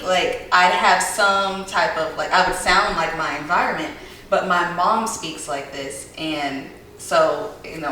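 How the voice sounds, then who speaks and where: Echoey far-off woman, low voice. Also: pushed and bright. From southern United States. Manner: rambling, thoughtful, many fillers. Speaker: podcast co-host. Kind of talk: casual chat. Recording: very echoey room, mic far off, faint hiss.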